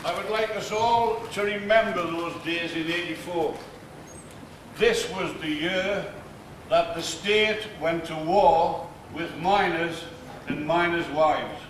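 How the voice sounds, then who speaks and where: A man giving a formal commemorative speech in a measured, deliberate way. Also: on the high side. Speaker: speaker at plaque dedication. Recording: echoey room with faint noise.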